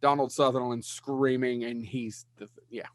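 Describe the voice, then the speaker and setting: A man's voice: medium pitch, fairly even intonation, moderate pace, no echo. A man co-hosting a podcast, chatting casually about films, rambling, swearing and blanking on names. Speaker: podcast co-host. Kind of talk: casual movie chat.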